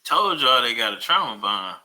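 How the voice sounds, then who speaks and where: A man's voice: medium pitch, very animated, normal speed, pushed and bright. A man reacting to an interview clip with mocking, slangy jokes. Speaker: commentary host. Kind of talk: reaction commentary.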